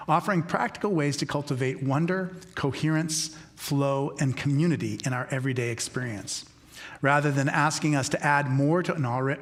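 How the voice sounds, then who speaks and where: A man hosting a cathedral forum, reading a formal introduction and then asking relaxed, filler-laden questions. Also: fairly high pitch. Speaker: cathedral dean and forum host. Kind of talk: scripted introduction, then conversational interview.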